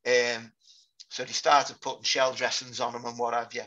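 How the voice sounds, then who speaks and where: Man, 50s, from Britain, veteran guest, halting sober storytelling, crisp bright tone, muffled recording. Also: mid-range voice, level tone. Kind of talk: interview storytelling. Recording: dull lo-fi podcast audio.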